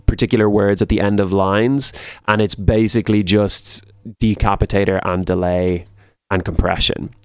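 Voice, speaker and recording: A man with a lowish, smooth and clear voice explains a tutorial in a relaxed, casual way. He stacks up repeated words for emphasis. The sound is close and dry. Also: dry recording. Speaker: music producer.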